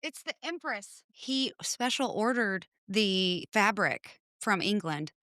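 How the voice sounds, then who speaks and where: A woman speaking as a podcast guest, talking casually in a bright, clear voice. She tells her stories in a chatty way and plays out what everyone said. The sound is close and dry, from a small home studio. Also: mid-range voice, takes it slowly, no room sound. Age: adult with children. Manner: chatty storyteller, animated retelling of conversations. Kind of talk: casual chat.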